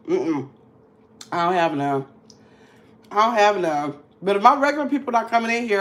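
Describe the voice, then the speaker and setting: A woman's voice: mid-range voice, a bit bright. A woman from Milwaukee hosting a casual livestream, chatting and teasing viewers in the chat. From Milwaukee, Wisconsin. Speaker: livestream host.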